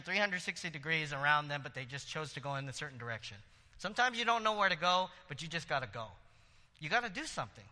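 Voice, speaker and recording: A man who serves as a church elder, preaching a sermon in a casual, lively way, with asides and jokes between readings. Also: a little high, in a large hall.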